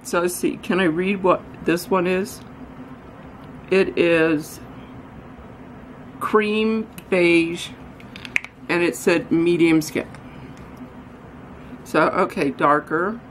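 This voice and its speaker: A woman's voice: fairly low pitch, extremely slow, pauses often, a little hiss or hum, rough recording. A woman vlogger chatting casually and rambling through her errands, often joking at her own expense. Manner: rambling, self-deprecating, talks while running errands. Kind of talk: casual vlog chat. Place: out running errands, then at home.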